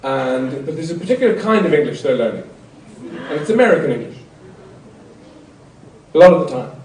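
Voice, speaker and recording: A middle-aged man, doing stand-up comedy in a rambling, wry way with sudden loud outbursts. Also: fairly high pitch, very animated, a little fast. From Ireland. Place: large concert hall before an audience. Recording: roomy hall sound from a distance with noise.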